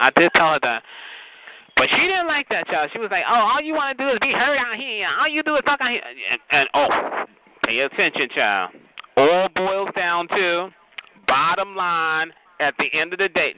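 A sassy, profane man holds forth on a chat line, his voice swooping up and down in lively, animated swings. His slightly high voice comes through a thin, tinny phone connection, with a clear hiss of noise underneath. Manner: sassy, profane, calls listeners honey and child.

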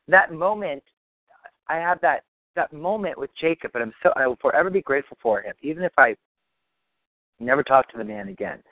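A man's voice: on the high side, no echo. Man coaching over a dry phone line. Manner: meandering, reassuring, repeats himself. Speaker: practitioner call leader. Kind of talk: casual coaching talk. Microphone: phone or call line.

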